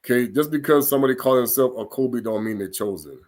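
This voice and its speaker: A man's voice: medium pitch, quick pace, hardly any pauses. A man giving an informal scripture lesson, sounding out foreign words syllable by syllable and breaking into chatty, laughing asides. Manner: laughs and gets animated in asides. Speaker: religious teacher.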